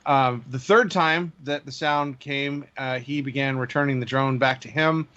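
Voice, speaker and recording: A man hosting a drone news segment, reading stories in a measured way with frequent fillers. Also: mid-range voice, fairly even intonation, pushed and bright, dull audio. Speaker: news host.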